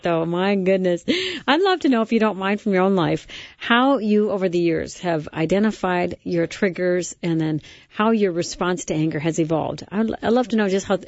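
Woman host asking gentle questions. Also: fairly low pitch, normal speed, hardly any pauses, dry recording. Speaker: interview host. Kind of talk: interview. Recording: dry, dull lo-fi audio.

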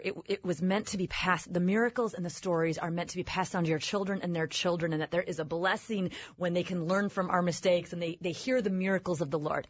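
Husky-voiced woman guest telling stories. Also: fairly low pitch, highs cut off. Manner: animated, personal storytelling. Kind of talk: faith talk show conversation.

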